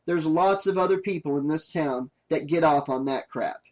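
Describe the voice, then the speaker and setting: A man voicing a bitter survivor of a killer, talking gruffly and curtly. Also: fairly high pitch, moderate pace, darkish tone, lightly acted. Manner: gruff, curt, angry.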